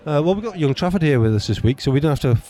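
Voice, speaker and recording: Man, podcast co-host, playful and quick to laugh, slightly high voice with a bouncy, lively delivery. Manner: playful, laughing, mock Australian voice. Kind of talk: joking sports podcast banter.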